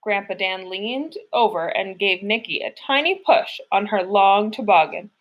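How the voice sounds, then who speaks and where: A woman reading a children's picture book aloud in an expressive, storytelling way. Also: mid-range voice, unhurried, lo-fi sound. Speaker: storybook reader.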